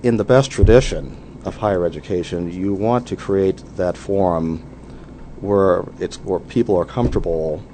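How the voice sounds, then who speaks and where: A man's voice: low voice, moderate pace, mellow, a little hiss or hum. A man speaking as a guest in a radio interview, telling anecdotes with lots of "you know" fillers.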